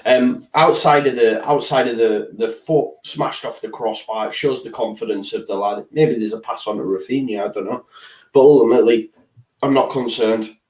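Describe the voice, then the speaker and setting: A man's voice: on the low side, darkish tone. Easygoing man, distant echoey mic. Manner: easygoing, agreeable, jokey. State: tired late at night. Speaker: fan channel co-host. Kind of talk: casual football chat.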